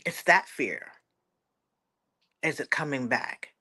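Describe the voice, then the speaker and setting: Earnest woman, low and bright. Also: animated, slow, long pauses. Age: 40s. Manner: earnest, repeats words, quotes others aloud. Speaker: guest. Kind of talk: emotional personal testimony.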